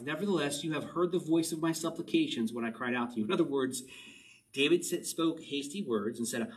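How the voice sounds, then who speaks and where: Casual male pastor, chatty sermon with questions and chuckles, a bit high, recorded slightly off-mic. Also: fast talker, distant mic, rough recording. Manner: conversational, asks the listeners questions, chuckles often. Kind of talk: casual sermon, reading and explaining a psalm.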